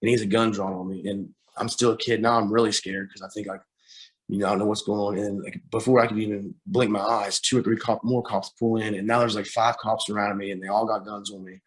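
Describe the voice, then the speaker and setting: Low, flat-voiced man telling a painful story. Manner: halting, with many fillers and repeated starts. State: emotional, close to tears. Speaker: guest. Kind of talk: personal story in an interview.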